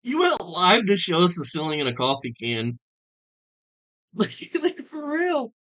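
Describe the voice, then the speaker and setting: A man rips into a stream with crude, mocking reaction commentary and keeps cracking up. His voice is bright and sharp, and his pitch swings widely as he talks. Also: huge pitch swings, unhurried. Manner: crude, mocking, laughs often. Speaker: stream reviewer.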